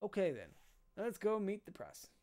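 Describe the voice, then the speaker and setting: A man's voice: sits high, sing-song, normal speed, darkish tone. A man voicing a bossy police captain. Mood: stern. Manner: stern, bossy. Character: gruff middle-aged male police captain.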